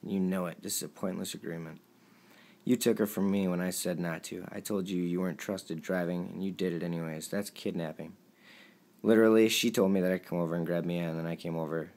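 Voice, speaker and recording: A young man reading out a string of text messages, pleading and emotional, his voice sometimes dropping low and quiet. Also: fairly even intonation, fairly quick. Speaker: vlogger.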